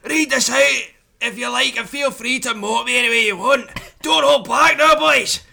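A man reading out a listener's email in a put-on angry Scottish accent, coarse and shouty. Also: extremely high pitch, moderate pace, creaky, a little hiss or hum, voice pushed up, full character voice. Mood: mock angry. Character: angry foul-mouthed Scottish male listener.

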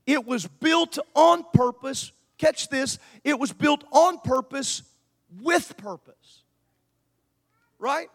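A male pastor preaching a sermon, moving from quiet asides to shouted peaks. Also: extremely high pitch, animated, slow.

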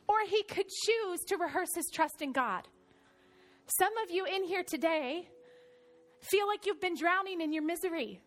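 High-voiced woman pastor preaching. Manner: animated storytelling, swings from soft to loud. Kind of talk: sermon.

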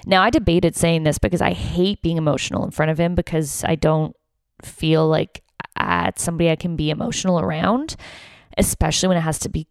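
A woman's voice: sits low, fairly quick, dry recording, clean studio sound. A young woman hosting a podcast, telling a personal story candidly and emotionally, swearing freely. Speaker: podcast host.

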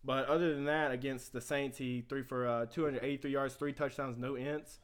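A man's voice: mid-range voice, fairly even intonation, brisk. Man rattling off football stats. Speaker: podcast co-host. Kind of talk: casual sports talk.

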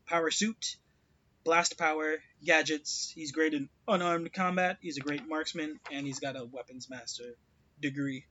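A man co-hosting a podcast, talking in an excitable, casual way with lots of filler words. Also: fairly high pitch, unhurried, lo-fi sound, a little hiss or hum. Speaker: podcast co-host. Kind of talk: casual chat.

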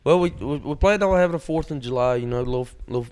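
A man's voice: medium pitch, quick pace, darkish tone. Man, podcast co-host, casual storytelling, rambling, lots of filler words, mid-range voice.

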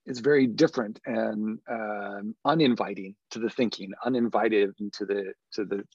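A man's voice: lowish voice, fairly even intonation, normal speed, vocal fry, a little mellow, husky, dry recording, lo-fi sound. A man, a podcast guest and education consultant, explaining earnestly in a conversational interview. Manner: earnest, explanatory, demonstrates tones of voice.

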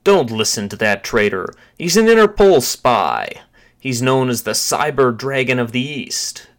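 A man's voice: medium pitch, normal speed, a bit bright, lightly acted. A man voicing a bearded male terrorist officer who speaks in a commanding, urgent way.

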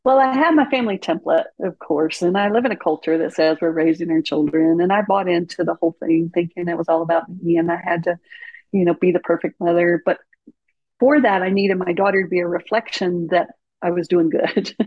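A woman, a parent coach and therapist, talking in a lively way as a podcast guest and acting out dialogue from her own stories. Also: lowish voice, brisk, no echo. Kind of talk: conversational podcast storytelling. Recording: slightly dull, muffled audio.

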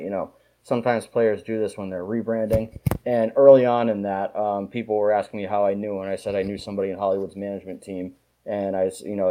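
A man telling stories in a casual podcast chat, swearing freely and talking rapidly. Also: fairly low pitch, dark tone, rough recording. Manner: rapid, profane storytelling. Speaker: podcast co-host.

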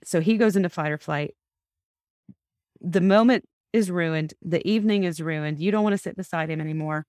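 A woman's voice: fairly low pitch, moderate pace, a little mellow, no room sound, clean studio sound. A woman hosting a podcast, coaching a couple step by step and repeating back what she hears from them. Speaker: couples therapist and podcast host.

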